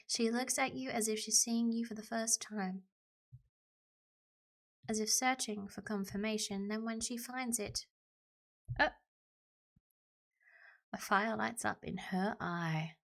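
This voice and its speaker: A woman's voice: fairly high pitch, fairly even intonation, slow pace, gravelly, long pauses. A woman streaming a story game live, reading it aloud, chatting and laughing, and slipping into a playful pirate brogue. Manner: chatty, laughs often, talks to her pet and chat. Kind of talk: live game playthrough with voiced characters.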